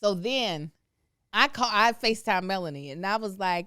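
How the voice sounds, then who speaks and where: A woman hosting a casual chat, telling a story in a lively, expressive way. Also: medium pitch, moderate pace, clear, resonant tone, dry recording, studio quality. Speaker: host.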